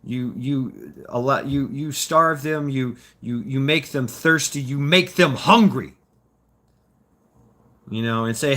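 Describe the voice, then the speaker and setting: Bright-voiced profane man in his fifties. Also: mid-range voice, slow. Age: 50s. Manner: rambling, profane, repeats words and restarts often. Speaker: livestream host reading chat. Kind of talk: casual livestream chat.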